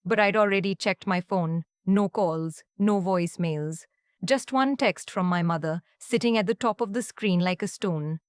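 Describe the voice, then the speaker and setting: Calm woman narrating a story, dry sound. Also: mid-range voice, moderate pace, clean tone, dry recording. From Canada (Ontario). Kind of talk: scripted first-person storytelling.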